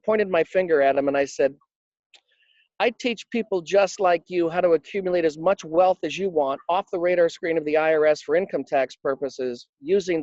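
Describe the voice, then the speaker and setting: A man's voice: a little high, darkish tone, no room sound, lo-fi sound. A man being interviewed about his work coaching financial advisors, telling anecdotes with emphasis and acting out the quotes. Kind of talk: conversational interview storytelling.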